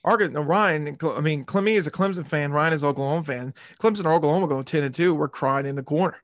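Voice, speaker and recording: A man's voice: fairly high pitch, fast talker, no room sound, studio quality. Rambling, ranting podcast host man. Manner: rambling and jokey, swears and rants. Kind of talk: casual sports podcast rant.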